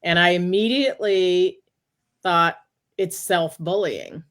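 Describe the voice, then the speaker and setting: A woman, a guest on an interview show, telling a personal story in a casual, animated way, often quoting what she said to herself. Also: lowish voice, slow. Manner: animated, talks through quoted inner dialogue.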